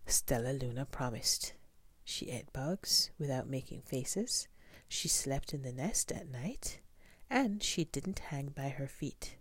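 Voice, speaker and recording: A woman whispering a children's storybook aloud in a soft, gentle voice, as whispered role-play. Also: very deep voice, animated, takes it slowly, slightly rough, dry recording.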